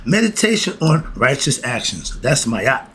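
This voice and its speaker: A man who speaks gives a lively spiritual lesson. He keeps asking himself questions and answering them, and he laughs often. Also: mid-range voice, a little slow, a little hiss or hum. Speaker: spiritual philosophy teacher.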